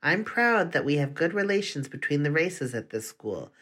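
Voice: medium pitch, big pitch swings, normal speed, fairly bright tone. A reader voicing a stern lecturing school principal. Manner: lecturing, threatening. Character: stern middle-aged male school principal.

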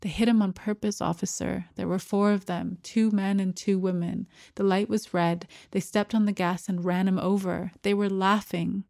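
A woman reading a story voices a distraught woman witness who sobs and pleads in slow, broken bursts. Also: medium pitch, fairly even intonation, creaky, warm tone, no echo, studio quality, lightly acted. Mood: pleading. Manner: sobbing, pleading.

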